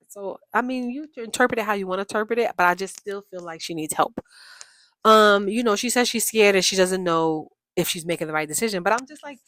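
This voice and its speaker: A woman giving a casual, opinionated recap of a reality TV show, with chatty, animated asides. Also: mid-range voice, brisk, no room sound, studio quality.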